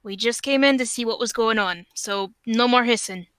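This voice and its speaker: A woman's voice: fairly high pitch, moderate pace, fairly bright tone, clear, resonant tone, no echo. A woman playing a tabletop game in character, speaking firmly and matter-of-factly. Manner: firm, matter-of-fact. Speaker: player.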